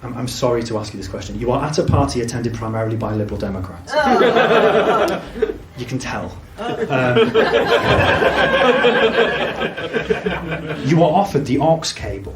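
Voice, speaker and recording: A man hosting a live comedy quiz, playful and deadpan, laughing as he reads the questions. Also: on the high side, measured pace, long pauses, very noisy. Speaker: comedy podcast host running a quiz. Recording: echoey venue with loud music.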